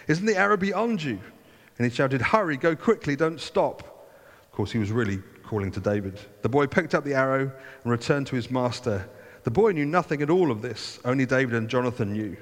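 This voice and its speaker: A man's voice: medium pitch, fast. Man reading scripture in an echoing hall. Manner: reads scripture then breaks off to comment conversationally. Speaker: preacher. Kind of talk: Bible reading with commentary.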